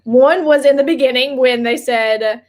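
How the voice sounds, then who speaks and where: High, chatty, giggly woman. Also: moderate pace. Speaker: livestream co-host. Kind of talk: casual live chat.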